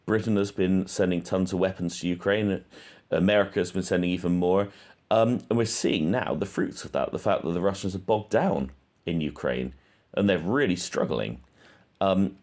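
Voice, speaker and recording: A man's voice: low voice, darkish tone. A man hosting his own channel, talking through his thoughts in a casual monologue, hesitant and full of ums. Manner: hesitant, thinking aloud with frequent ums. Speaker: true-crime channel host.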